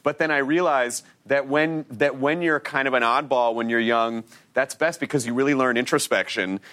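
A man's voice: medium pitch, moderate pace, fairly bright tone. A man hosting a talk show, chatting casually and reflectively and asking his guests follow-up questions. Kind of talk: casual chat.

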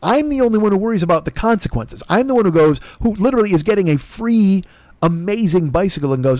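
A man's voice: high-pitched, animated, fairly quick, a little mellow, no room sound. A middle-aged man rambling through a profane, self-deprecating story as a podcast host, acting out both sides of conversations. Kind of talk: casual storytelling monologue. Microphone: laptop recording.

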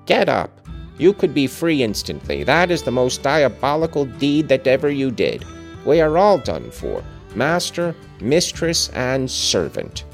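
A man's voice: on the low side, big pitch swings, normal speed, faint music behind. A man reading aloud and voicing an anxious woman servant who urges and scolds in a raised voice. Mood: scolding.

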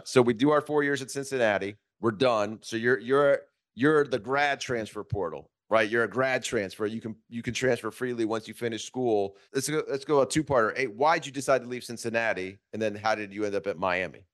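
A man's voice: medium pitch, a little fast, hardly any pauses, no echo. Male podcast host, chatty and joking, dry close sound. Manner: chatty, rambling, joking questions. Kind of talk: casual interview chat.

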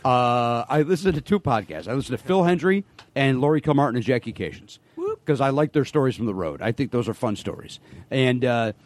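Lively, riffing comedian guest. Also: male voice, medium pitch, fairly quick, no room sound. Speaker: podcast guest. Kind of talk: casual comedy chat.

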